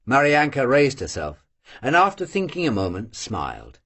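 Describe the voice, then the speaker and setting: An audiobook reader narrating a classic novel unabridged, in a slow, measured voice that drops low between lines of dialogue. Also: wildly swooping pitch, fairly bright tone, husky.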